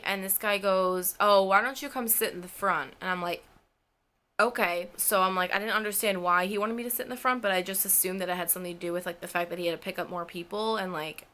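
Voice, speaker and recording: A woman's voice: mid-range voice, pushed and bright. A young woman telling a casual storytime to her camera, full of "like" and swearing, acting out both sides of each exchange. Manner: chatty, fills every sentence with "like", swears often; acts out both sides of the conversations.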